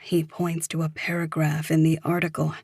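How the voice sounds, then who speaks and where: Low-voiced woman narrating a thriller. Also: completely flat delivery, moderate pace, vocal fry, a little mellow, husky, dry recording, studio quality. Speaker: audiobook narrator.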